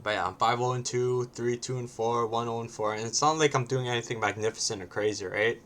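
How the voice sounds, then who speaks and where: A man's voice: medium pitch, fairly even intonation, a little fast, a bit bright. A man casually commenting on his own match, often ending points with a questioning "right?" and sometimes swearing bluntly.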